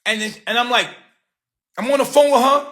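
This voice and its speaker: A man's voice: extremely high pitch, a little fast, fairly bright tone. A man hosting a livestream, telling a story in a heated, profane rant full of street slang. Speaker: livestream host.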